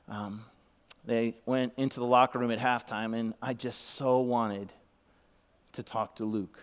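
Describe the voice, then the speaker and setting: A man's voice: medium pitch, clear, resonant tone. A middle-aged man giving a sermon as a pastor, telling a heartfelt story and sometimes dropping to a whisper. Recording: long reverb of a large hall.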